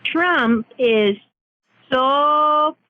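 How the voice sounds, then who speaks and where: A woman's voice: high voice, drawn-out words, narrow, tinny audio, music in the background. A woman doing a folksy female politician who bossily coaches in corny sayings. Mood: coaching. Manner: bossy, encouraging, folksy.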